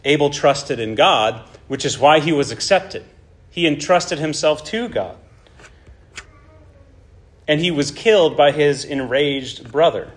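A man's voice: fairly high pitch, animated, unhurried, pauses often. A man preaching a sermon in an emphatic way, often checking in with his listeners. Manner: emphatic, checks in with "right?" and "okay?".

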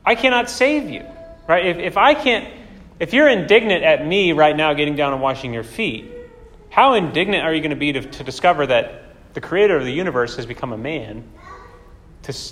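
A man's voice: a little high, animated, fairly quick, a bit bright. A man preaching a sermon in a conversational way, often asking rhetorical questions. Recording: long hall reverb.

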